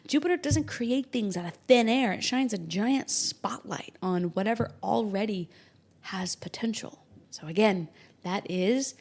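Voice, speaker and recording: An animated woman hosts an astrology podcast, speaking casually and with humor. Her pitch sits in a middle range, and she keeps slipping into playful acted-out remarks. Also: a little slow. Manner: animated, jokey, acts out imagined quotes in varied voices. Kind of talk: casual explanatory podcast talk.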